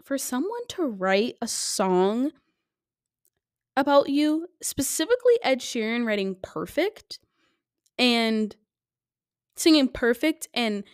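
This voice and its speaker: A young woman hosting a casual solo podcast, chatty and animated, filling her talk with "like". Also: fairly high pitch, slow, long pauses, clear, resonant tone, no echo, clean studio sound. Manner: chatty and animated, lots of "like" fillers. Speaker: podcast host.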